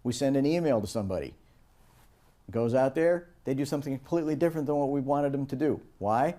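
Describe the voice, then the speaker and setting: A man teaching a course on project management, giving a lecture and bringing it to life with animated anecdotes. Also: medium pitch, quick pace. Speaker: course instructor. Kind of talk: lecture with storytelling.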